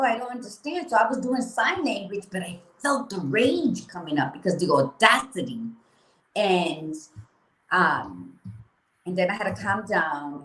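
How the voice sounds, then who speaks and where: A woman co-hosting a casual motivational chat, blunt and animated, swearing freely. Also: medium pitch, reverberant, poor audio. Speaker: podcast co-host.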